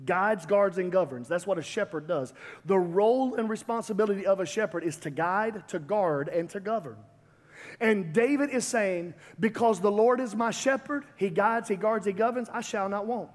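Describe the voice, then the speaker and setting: A man's voice: high-pitched, normal speed. A man preaching a sermon with rhythmic repetition that builds to emphatic climaxes. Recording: long hall reverb.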